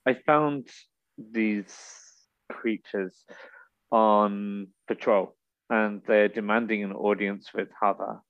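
Guy doing a steady soldier giving a report, deep voice, kinda dull lo-fi sound. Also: slow, no echo. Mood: formal.

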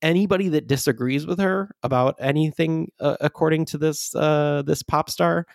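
A man's voice: on the high side, fairly even intonation, normal speed, creaky, no room sound, clean studio sound. A man co-hosting a podcast in casual chat, rambling with many fillers and frequent laughs. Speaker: podcast co-host.

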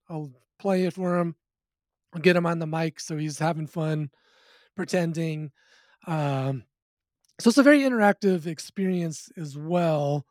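Easygoing man, slightly high voice, dry sound. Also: darkish tone, no room sound. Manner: easygoing, laughs often, slips into playful quoted voices. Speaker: musician guest. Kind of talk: casual interview chat.

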